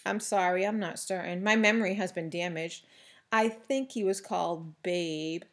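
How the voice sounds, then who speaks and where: A woman's voice: lowish voice, moderate pace, close to an everyday voice. A woman reading the part of a desperate young mother, speaking plainly and subdued. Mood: anxious. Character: weary young mother, desperate but composed.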